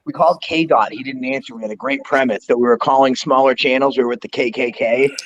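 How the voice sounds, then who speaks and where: A man hosting a casual talk show, retelling prank calls in an animated way and laughing easily. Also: mid-range voice, fast, slight background noise. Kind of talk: casual storytelling banter. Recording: dull lo-fi audio.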